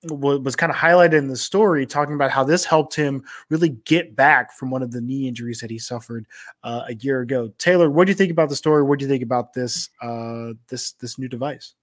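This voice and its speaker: A man co-hosting a sports technology podcast, talking in a relaxed, loose way full of fillers. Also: mid-range voice, fairly quick. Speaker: podcast co-host. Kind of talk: casual sports tech chat.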